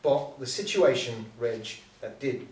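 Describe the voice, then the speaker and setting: A man's voice: mid-range voice, unhurried, darkish tone, natural voice. A man playing a sardonic lost man, roomy. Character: amnesiac man, brooding and sardonic. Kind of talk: script reading. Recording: roomy, distant mic.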